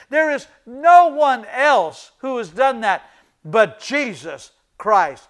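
A man's voice: extremely high pitch, animated, slow. A middle-aged male pastor preaching a sermon, pressing points by repeating short phrases and calling out to the congregation. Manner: emphatic, repeats key phrases for emphasis; addresses the congregation as ladies and gentlemen.

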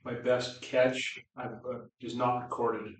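A man guest investigator with a husky voice in casual chat, hesitant and understated, recorded on location inside an old hospital. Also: medium pitch, level tone, slow pace, recorded from a distance. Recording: echoey room, speaker off-mic.

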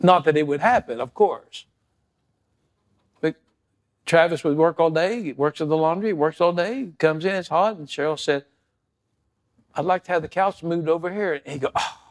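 A man delivers a sermon in a fairly high voice. He drifts between soft, prayerful musing and loud, fervent preaching. Now and then he acts out scripture and everyday stories in voices of their own. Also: moderate pace, long pauses. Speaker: pastor.

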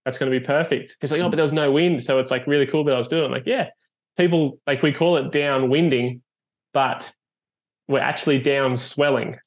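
A man hosting a casual chat as a foil coach, telling stories in a relaxed way with plenty of fillers. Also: medium pitch, brisk. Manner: laid-back, storytelling with many fillers.

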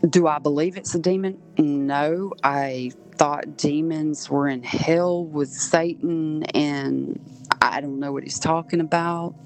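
A woman's voice: deep voice, low-quality recording. A woman from southern Georgia, a podcast guest, earnestly recounting events step by step. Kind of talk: personal storytelling.

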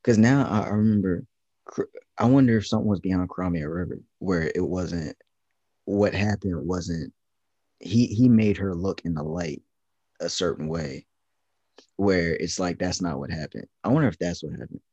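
Deep dark-voiced man, casual rambling chat. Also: moderate pace, no room sound. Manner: rambling, loose, lots of fillers and restarts. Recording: dull lo-fi sound.

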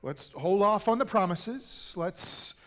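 A man voicing God in a joke, speaking slowly in a measured, reassuring tone. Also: high voice, lively intonation, a bit bright, big-room sound, voice pushed up, heavily acted. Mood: calm. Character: calm, patient voice of God.

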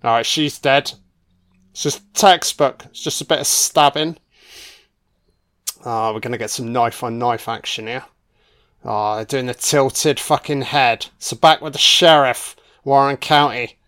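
A man's voice: medium pitch, measured pace, fairly bright tone, clear, resonant tone. Sweary man doing film commentary. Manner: sarcastic, swears constantly, mocks characters. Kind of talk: casual, crude film commentary.

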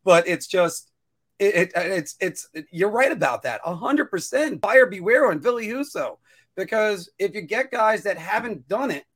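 A man co-hosting a casual podcast chat, rambling and restarting his sentences, now and then jumping up into a high-pitched whine. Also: moderate pace. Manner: rambling, self-interrupting, animated with sudden high-pitched whining bursts. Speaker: podcast co-host.

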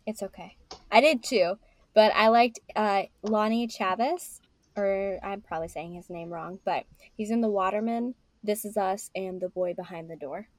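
A woman of middle pitch chats casually as a co-host, talkative and quick to poke fun at herself. Her voice sounds dry, with no room around it. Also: no echo. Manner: chatty, self-deprecating. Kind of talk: casual chat.

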